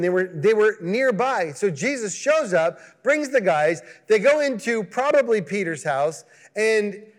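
A pastor with a high voice preaches a conversational sermon in a large hall. He's animated, acting out the voices he quotes and putting questions to his listeners.

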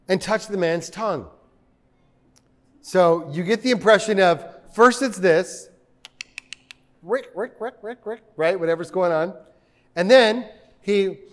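A man preaching a sermon in a church, conversational and joking with the congregation. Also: high voice. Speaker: pastor.

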